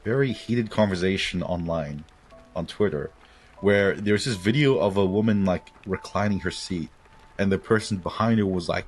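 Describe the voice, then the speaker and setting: A podcast co-host with a fairly low voice who speaks bluntly and swears freely in casual chat. A faint hiss sits under his voice. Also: normal speed. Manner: blunt, profane, conspiratorial.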